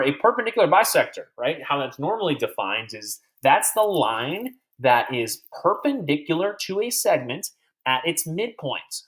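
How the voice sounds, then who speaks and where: A man teaching a recorded math lecture over slides, chatty and digressive, quizzing imaginary students as if they were in class. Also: medium pitch.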